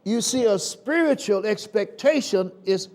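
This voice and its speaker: Southern male preacher, high and animated, slow deliberate sermon cadence with sudden loud calls. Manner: call-and-response preaching with sudden loud and soft swings.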